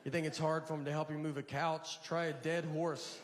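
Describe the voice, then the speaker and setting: A man performing a stand-up routine, telling rambling stories in a halting, deadpan way. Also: a little high. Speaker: stand-up comedian. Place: large venue with a live audience. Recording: live stage mic in a reverberant hall with audience noise. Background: audience laughter.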